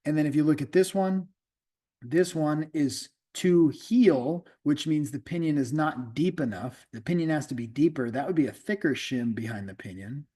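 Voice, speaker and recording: A man's voice: a little high, moderate pace, dark tone, slightly rough. A middle-aged man, an automotive instructor, lecturing a class in a casual, conversational way, often repeating himself and checking in with the students.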